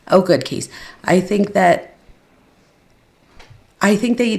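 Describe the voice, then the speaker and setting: A woman with a low voice and a gravelly edge talks straight to her livestream viewers from a home setup. Her delivery is loose and chatty, full of asides and "you guys." It sounds like a casual live commentary stream. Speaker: true crime commentary host.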